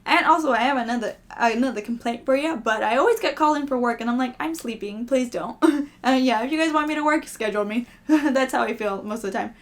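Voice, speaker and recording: Giggly young woman vlogger, slightly high voice. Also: fast. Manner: rambling, giggly, self-deprecating. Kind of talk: casual chat to camera.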